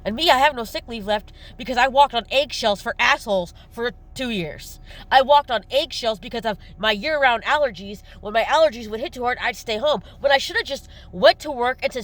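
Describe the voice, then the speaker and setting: An irritated woman rants straight to her camera in a blunt, riled-up monologue. Her voice sits a little high, and she hammers her points with repeated taunts. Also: a little fast, fairly bright tone. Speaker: vlogger.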